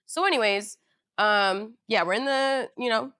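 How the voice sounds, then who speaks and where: A woman's voice: a little high, a little slow, bright, forceful tone, dry recording, clean studio sound. A young woman from Northern California hosting a podcast, telling a casual storytime in a chatty, slangy way full of "you know" and "you feel me.". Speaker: podcast host.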